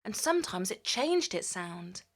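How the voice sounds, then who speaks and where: A woman's voice: medium pitch, sing-song. A woman reads a children's story aloud, taking her time over each line. She plays with her words, stretching and bending them to act out the sounds she describes. Her voice sits in a middle register. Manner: slow, playful, shapes words to mimic sounds.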